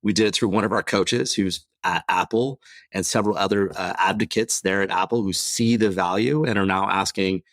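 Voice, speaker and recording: A man who is a guest on a podcast, telling animated stories about veterans changing careers and acting out the dialogue. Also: low-pitched, brisk, no room sound. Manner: animated storyteller, acts out quoted dialogue. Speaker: podcast guest, veterans' transition program executive. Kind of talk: casual storytelling interview.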